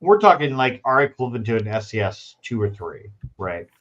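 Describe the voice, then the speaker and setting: A man hosting a podcast in casual chat, telling stories with lively acted-out quotes. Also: medium pitch, a little fast. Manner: animated storyteller, acts out quoted dialogue. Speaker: podcast host. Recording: dull lo-fi sound.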